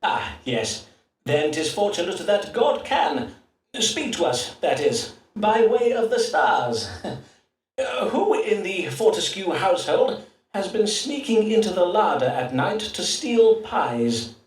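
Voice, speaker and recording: Elizabethan astrologer-physician, formal and halting, roomy echo. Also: male voice, high voice, sing-song, full character voice. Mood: courteous. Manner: measured, formal olde-English with hesitant fillers. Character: Elizabethan astrologer-doctor, pompous yet awkward. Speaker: doctor. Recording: distant roomy game audio.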